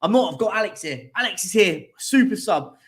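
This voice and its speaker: Casual male streamer, high-pitched, loose and chatty, reads lists and greets viewers. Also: lively intonation, fairly quick. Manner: chatty, reads out team lists and shout-outs. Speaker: streaming show host. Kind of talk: casual live-stream chat.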